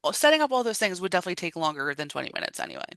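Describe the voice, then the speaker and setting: A podcast co-host recaps a film in casual chat, her low voice racing along with vocal fry. She retells it animatedly, acting out quotes and laughing often, and the recording is dry.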